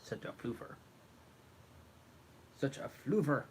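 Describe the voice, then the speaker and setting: Man softly coaxing his cat on stream. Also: mid-range voice, lively intonation, takes it slowly, slight background noise. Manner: coaxing, affectionate pet talk. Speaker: livestream host. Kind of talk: casual livestream chat.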